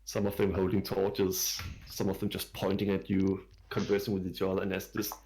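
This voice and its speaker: Gravelly-voiced man narrating as dungeon master. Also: low voice, monotone, moderate pace, a little mellow, a little hiss or hum. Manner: hesitant, filler-heavy descriptive narration. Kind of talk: narrating a tabletop game.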